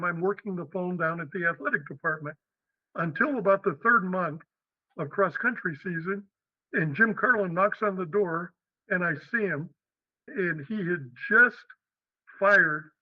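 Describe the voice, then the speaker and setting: An older man from western Pennsylvania, a guest telling stories in an animated way. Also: sits high, moderate pace, no echo. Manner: animated, acts out the people in his stories. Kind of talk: storytelling interview. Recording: dry tinny phone-like line.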